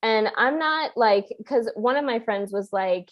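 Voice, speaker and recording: A woman's voice: fairly high pitch, lively intonation, unhurried, muffled recording. A woman hosting a podcast, talking in an earnest, coaching way with many restarts. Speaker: podcast host. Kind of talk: casual podcast conversation.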